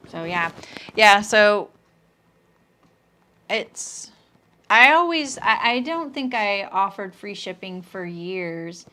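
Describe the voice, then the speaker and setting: A woman's voice: lively intonation, slow pace, long pauses, bright, forceful tone. Chatty woman hosting a live sewing stream. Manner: chatty and joking, lots of restarts, often drops into a low aside. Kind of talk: casual live-stream chat, reading comments aloud.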